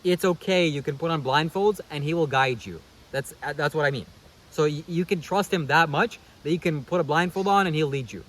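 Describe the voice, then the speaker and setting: A man's voice: a little high, a little fast, a bit bright, rough recording. A man vlogging a casual commentary monologue, sarcastic and preachy, who keeps calling the viewer "buddy" and checking "okay?".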